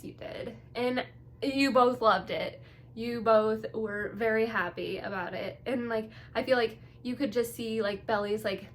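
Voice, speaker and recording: Young woman, higher-pitched voice, casual chat to camera, gushing, bubbly, light background hiss. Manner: gushing, bubbly, full of "like" and "you guys". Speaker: TV reaction vlogger.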